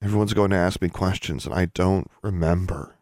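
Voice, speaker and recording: Stubborn upset teen girl, a bit higher than his normal voice, guy narrator doing her. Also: brisk, darkish tone, no room sound, studio quality, natural voice. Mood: numb. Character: upset, defiant teenage girl student.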